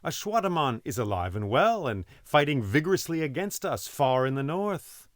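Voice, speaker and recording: A man voicing an honest, troubled male king who speaks earnestly and softly. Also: a little high, very animated, normal speed, dry recording, studio quality, pitched above the performer's own voice.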